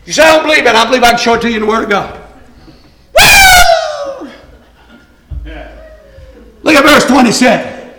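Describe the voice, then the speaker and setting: A man preacher delivering a fiery revival sermon, shouting and punctuating his lines with "hey". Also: extremely high pitch, very fast. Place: church. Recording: echoey church with noise.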